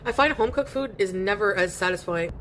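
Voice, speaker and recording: A woman's voice: mid-range voice, animated, brisk, a bit bright, slight background noise. A woman live streaming from home, chatting casually and reading viewer comments aloud while she eats. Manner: chatty and rambling, eating while talking.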